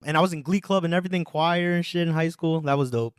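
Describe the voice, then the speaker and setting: A man's voice: a little high, fast talker, smooth, no echo, studio quality. A man in his twenties from New Jersey, a guest musician telling his story in casual podcast chat, slangy and rambling. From United States, New Jersey. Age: 20s. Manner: slangy, rambling, full of filler phrases.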